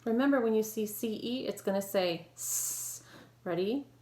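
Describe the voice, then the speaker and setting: A woman teacher leading an online phonics lesson, modeling sounds clearly and slowly and praising her students. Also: mid-range voice, warm tone. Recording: echoey room with faint noise.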